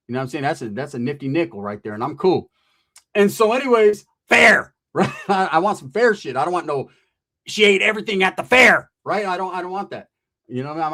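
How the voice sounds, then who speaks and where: A man telling a comedic storytime monologue, profane and slangy, acting out the people in it. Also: a little high. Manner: profane, slangy and animated, acting out quoted voices.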